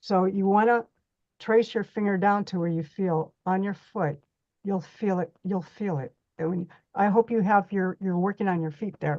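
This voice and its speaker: A woman's voice: mid-range voice, darkish tone, no room sound, lo-fi sound. Chatty woman teaching a reflexology workshop. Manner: chatty, folksy, demonstrating on a model foot.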